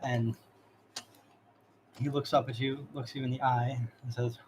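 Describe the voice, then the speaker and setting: A man's voice: medium pitch, little pitch movement, measured pace, darkish tone, a little hiss or hum, rough recording. A man running a tabletop game as game master, describing scenes in a casual, loose way.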